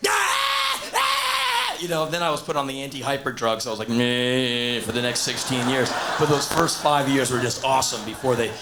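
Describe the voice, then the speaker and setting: A man, telling stand-up stories on stage and acting out characters with sudden shouts. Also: fast, few pauses, very noisy. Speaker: stand-up comedian. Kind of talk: stand-up storytelling. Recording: low-quality VHS tape of a live show.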